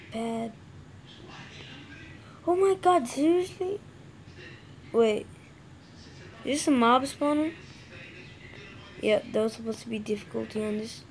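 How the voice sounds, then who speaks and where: A high-pitched woman chatting over her own gameplay in an unhurried, drawn-out way. She gets excitable and swears, yelling when things go wrong. Faint noise sits under the voice. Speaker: gamer narrating own play. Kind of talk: casual game commentary.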